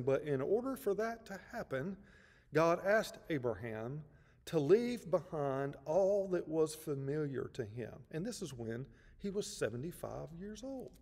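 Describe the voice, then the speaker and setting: Pastor preaching in a reverberant church. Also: male voice, a little high, a little mellow. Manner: measured, emphatic, uses repetition. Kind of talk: sermon. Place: church sanctuary.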